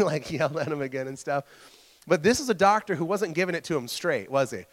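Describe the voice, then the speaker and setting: A man's voice: fairly high pitch, fast, big-room sound. A man preaching a casual sermon to a church group. He stumbles over his words, repeats himself and keeps checking in with the listeners.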